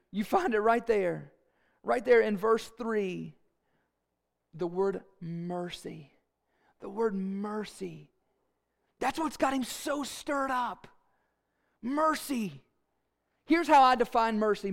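High-voiced preaching man. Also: creaky. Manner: animated, playful storytelling with asides. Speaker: pastor. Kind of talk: sermon.

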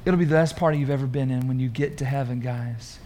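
A man preaching a sermon in a conversational, animated way, asking the congregation questions. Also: medium pitch, quick pace, a little hiss or hum. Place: church room.

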